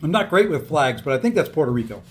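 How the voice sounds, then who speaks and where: A man's voice: a little high, sing-song, fast talker, faint music behind. A tired, upbeat man live-streaming a video game, chatting casually and thanking viewers by name as he plays.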